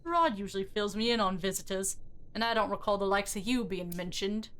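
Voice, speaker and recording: A woman voicing a heavy-set, suspicious man who speaks gruffly and brusquely. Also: mid-range voice, brisk, fairly bright tone, lightly acted.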